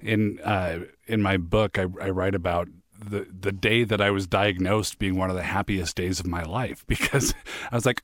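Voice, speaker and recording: Male podcast host, low voice, dry close mic, measured narration and easy banter. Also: steady tone, dry recording. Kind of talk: interview and scripted narration.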